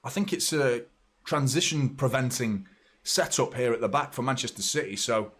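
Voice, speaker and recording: A man hosting a live football watchalong, chatting casually and reacting excitably, swearing freely. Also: medium pitch, moderate pace, breathy edge. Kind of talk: live match commentary and casual chat.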